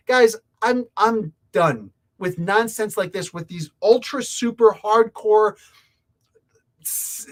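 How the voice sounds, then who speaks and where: Man ranting with a swinging voice. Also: high-pitched. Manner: heated, rambling, talks straight to viewers. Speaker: comic book reviewer. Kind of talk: opinionated review rant.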